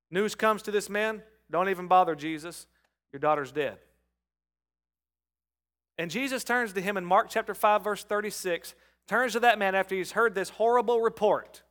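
A middle-aged man preaching a sermon, calling on the congregation and rising from soft talk to loud shouts. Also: high-pitched, normal speed. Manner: calls on the congregation to respond. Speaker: pastor.

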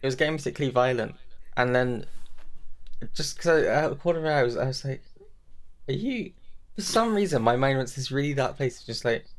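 A man chatting casually as a podcast co-host, rambling and animated, jumping high when quoting his own thoughts. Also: fairly quick, long pauses. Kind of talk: casual chat.

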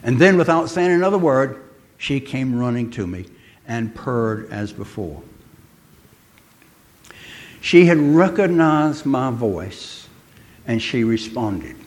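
Slow and expressive, with long pauses, an older preacher speaks in a medium-pitched voice. His sermon unfolds as chatty storytelling, and he keeps asking his listeners questions.

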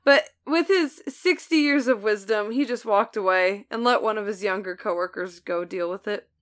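A woman with a medium-pitched, fairly bright voice speaks at a moderate pace as a podcast co-host in casual conversation. She reads a story aloud, joking, laughing and swearing as she goes.

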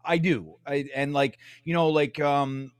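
A man co-hosting a casual sports talk show with a blunt, relaxed delivery. The recording is dry, with no room echo. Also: a little high, a little slow, clean tone. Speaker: co-host.

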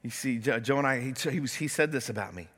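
A man preaching a sermon as pastor, animated, acting out the complaints and prayers he quotes. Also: mid-range voice, fast, big-room sound. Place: church sanctuary.

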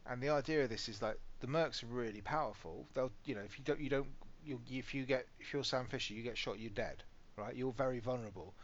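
A man's voice: mid-range voice, fast talker, hardly any pauses, slight background noise. A British man co-hosting a gaming podcast, chatting casually and telling stories animatedly, swearing freely. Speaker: podcast co-host. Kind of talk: casual chat. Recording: slightly muffled podcast audio.

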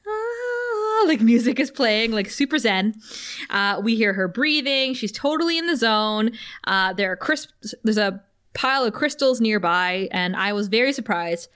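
A woman's voice: on the high side, a little slow, clear, resonant tone. A woman co-hosting a podcast, chatting casually and animatedly as she recaps a TV episode. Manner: chatty, animated, laughs often. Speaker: podcast co-host.

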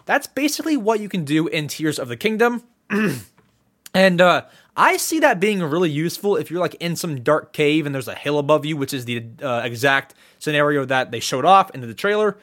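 A man hosting a casual solo podcast, talking in an excitable way and often clearing his throat. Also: fairly high pitch, fairly quick. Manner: excitable, animated. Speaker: podcast host.

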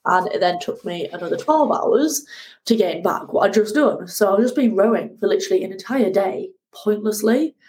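Animated woman telling a story. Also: mid-range voice, normal speed, rough recording. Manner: animated, acts out shouting at the sea. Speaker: guest, ocean rower. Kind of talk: conversational interview storytelling.

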